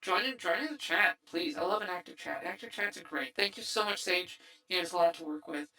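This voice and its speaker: A man hosts a livestream through a voice changer, which makes him high-pitched, gravelly and sharp, speaking a little fast. The recording is rough. He rambles casually through a stream wrap-up chat, full of fillers and restarts.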